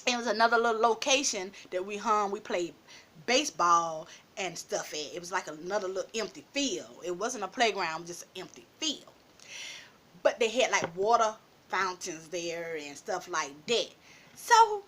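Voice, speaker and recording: High, lively woman telling a story. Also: a little slow. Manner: animated, laughs often, calls listeners "baby". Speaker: storytime vlogger. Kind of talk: casual storytelling.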